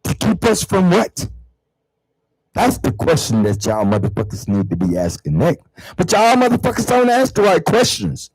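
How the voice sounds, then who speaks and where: A man hosting his own show, ranting heatedly to viewers about religion and spirituality, swearing a lot and repeating words, swinging from low mutters to loud outbursts. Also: huge pitch swings, normal speed, breathy edge, no echo, poor audio. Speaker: online show host. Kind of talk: profane spiritual rant to viewers.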